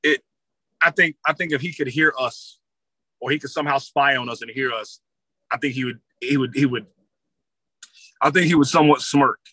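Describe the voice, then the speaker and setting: Bright, halting man thinking aloud. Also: medium pitch, breathy edge, no echo, rough recording. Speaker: panelist. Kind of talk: casual discussion.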